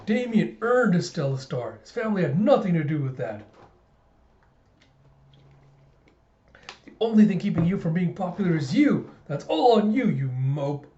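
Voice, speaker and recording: A man's voice: high voice, big pitch swings, a little fast, hardly any pauses, dark tone, pitched above the performer's own voice. A man voicing snide schoolboy sidekicks who taunt another boy in a sneering tone. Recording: roomy, slightly dull recording.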